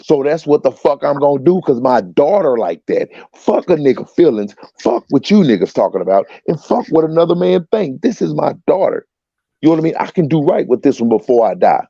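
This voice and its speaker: A man's voice: a little high, big pitch swings, brisk, gravelly, warm tone, husky, no room sound, highs cut off. A man arguing heatedly on an online panel, profane and repeating himself insistently.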